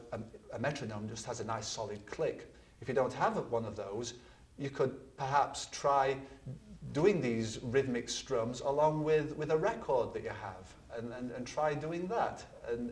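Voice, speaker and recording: A man with an expressive, medium-pitched voice and a moderate pace leads a ukulele tutorial in a studio. He patiently counts beats aloud while strumming and sometimes repeats words, recorded at a distance with the ukulele and a bit of hiss or hum.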